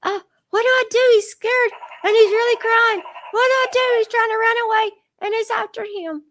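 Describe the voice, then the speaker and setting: A very high, squealing little princess girl, put on by a woman, timid and excitable, who gushes breathlessly and piles up her words. She sounds like a children's radio story, with a slow, careful delivery between the bursts. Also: heavily acted. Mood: frightened. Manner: breathless and gushing, squeals with emotion. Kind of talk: children's radio show role-play.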